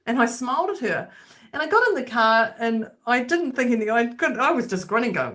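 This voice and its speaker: A woman's voice: a little high, lively intonation, fast, sharp tone. A woman co-hosting a talk podcast, chatting casually and acting out the voices of people in her story. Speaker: podcast co-host. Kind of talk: casual chat.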